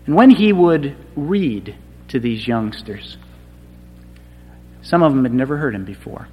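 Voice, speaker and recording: A man preaching a sermon, with a dramatic delivery that swings from hushed passages to loud, emphatic cries. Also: medium pitch, expressive, husky, faint music behind. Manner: slow, dramatic delivery swinging from quiet to shouted. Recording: long hall reverb.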